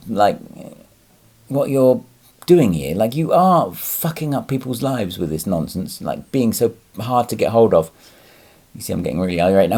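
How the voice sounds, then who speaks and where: A man's voice: medium pitch, expressive, normal speed, warm tone. A man talking casually to camera as a lorry driver vlogger, rambling with fillers and restarts and swearing freely when he gets angry. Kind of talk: casual vlog monologue.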